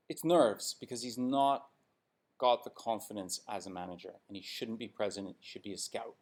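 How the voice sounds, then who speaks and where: A man's voice: fairly low pitch, normal speed. A man giving blunt, sarcastic hockey commentary in an opinionated vlog rant.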